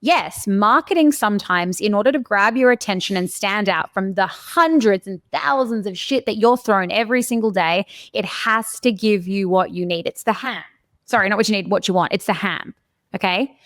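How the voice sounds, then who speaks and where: Sales coach host, woman, mid-pitch, emphatic and forthright, dry close sound. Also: normal speed, a bit bright, dry recording. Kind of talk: casual chat.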